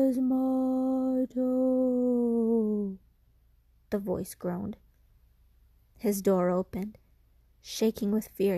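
A woman tells a spooky folk tale with slow, deliberate pacing and a husky, breathy voice. She reads dramatically and now and then sinks into a whisper. The sound is dry and close. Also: medium pitch, dark tone, no echo. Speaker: storyteller.

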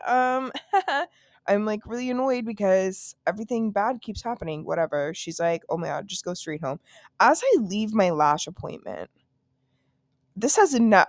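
A woman's voice: medium pitch, no room sound, clean studio sound. A young woman telling a story to her podcast listeners at home, loose and profane, full of "like" and laughing asides. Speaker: podcast host. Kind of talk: casual solo storytelling.

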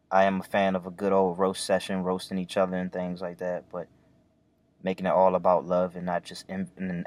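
A man giving a reflective, unhurried monologue about life outdoors among trees, with some casual swearing. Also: low-pitched, dry recording. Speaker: vlogger. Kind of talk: philosophical monologue.

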